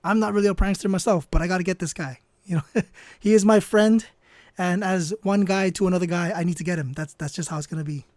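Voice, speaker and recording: A man with a fairly high voice tells a casual, comedic story while he draws. He rambles in an offhand way and keeps hedging and trailing off. The sound is close and dry, with no room echo. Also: steady tone, fast, a little mellow. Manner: rambling and offhand, full of "you know" and "I don't know". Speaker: storyteller and artist.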